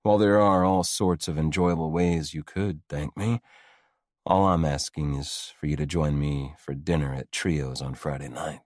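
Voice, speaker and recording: An actor playing a confident, teasing rich young man in an audiobook, speaking smoothly with a low, gritty voice. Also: steady tone, normal speed, a little mellow, no room sound, clean studio sound. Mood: commanding. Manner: smooth, commanding. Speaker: love interest. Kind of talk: audiobook dialogue.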